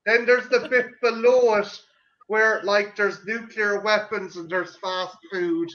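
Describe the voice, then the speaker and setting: A man's voice: sits high, steady tone, slow pace, pushed and bright, dull audio. A man from Ireland with an Irish accent in casual chat as co-host, swearing freely and stumbling over restarts. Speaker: podcast co-host.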